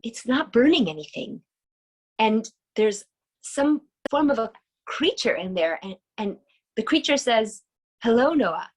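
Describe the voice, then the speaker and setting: Enthusiastic female teacher, fairly high voice, chatty, quizzes the class. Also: very animated, unhurried, rough recording. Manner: enthusiastic, chatty, asks the audience questions. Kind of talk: casual online lesson.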